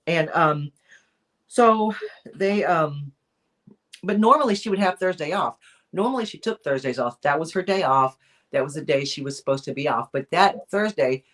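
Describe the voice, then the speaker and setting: A woman co-hosting a weekly chat, telling a true crime story in a casual, rambling way, with lots of fillers and restarts. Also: low voice. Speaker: co-host of a weekly chat show.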